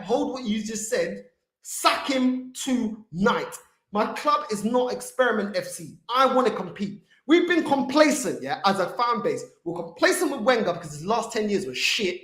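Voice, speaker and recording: A man's voice: very high-pitched, a bit bright. A man hosting a football fan channel, delivering a heated livestream rant full of street slang. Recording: echoey room.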